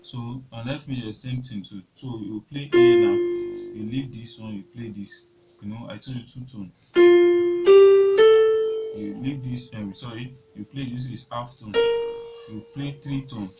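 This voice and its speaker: A man teaching a beginner piano lesson, talking in a halting way and repeating words as he demonstrates at the keyboard. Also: mid-range voice, steady tone. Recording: lo-fi recording with loud piano. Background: piano notes being played.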